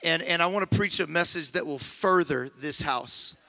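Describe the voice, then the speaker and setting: A man preaching as a guest pastor in a church, repeating his phrases and building to impassioned shouting. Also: on the high side, moderate pace, creaky. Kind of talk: sermon. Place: church sanctuary.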